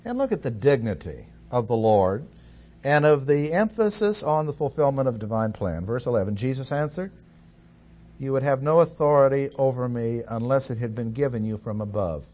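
A man giving a Bible study lecture, reading scripture in a measured, deliberate way with pauses. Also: medium pitch, animated, a little mellow. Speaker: Bible teacher.

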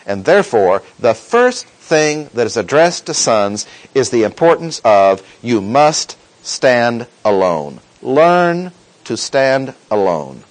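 A man delivers a sermon in an animated, rising-and-falling voice. He leans on quoted verses with deliberate emphasis and turns to the congregation with questions. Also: mid-range voice, poor audio. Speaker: preacher.

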